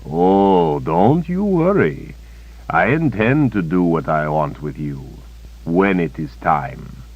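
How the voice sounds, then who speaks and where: A man voicing a cruel, gloating torturer who speaks slowly and menacingly. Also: sits low, big pitch swings, husky, full character voice. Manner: slow, smug and menacing. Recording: dull lo-fi cassette recording.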